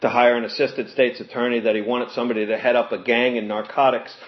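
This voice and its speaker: Male speaker sharing his recovery story, earnest, lively quoting; dull lo-fi sound. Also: mid-range voice, fast. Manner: earnest storytelling, animated when quoting others, laughs with audience. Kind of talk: personal testimony talk. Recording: muffled lo-fi recording.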